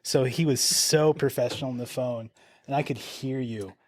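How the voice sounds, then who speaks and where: A man's voice: mid-range voice, normal speed, a little mellow. A man co-hosting a podcast among first responders, laughing as he chats. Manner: amused, laughs while recalling. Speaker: podcast co-host, EMT. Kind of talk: casual chat.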